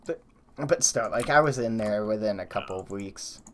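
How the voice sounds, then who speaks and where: A man's voice: lowish voice, normal speed, fairly bright tone, a little hiss or hum. Hesitant young man chatting. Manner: hesitant, lots of fillers and trailing off. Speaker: streamer host. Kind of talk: casual chat.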